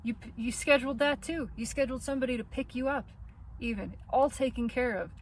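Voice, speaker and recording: A woman giving an earnest spiritual tarot reading, talking straight to the listener and laughing softly through the painful parts. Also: on the high side, fairly quick, a little hiss or hum. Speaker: tarot reader.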